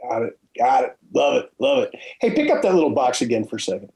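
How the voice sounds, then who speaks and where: A man hosting a podcast interview, telling stories in an animated way and often checking in with "okay?" and "right?". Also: medium pitch, fast talker, gravelly, poor audio. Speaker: podcast host. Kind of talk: casual storytelling interview.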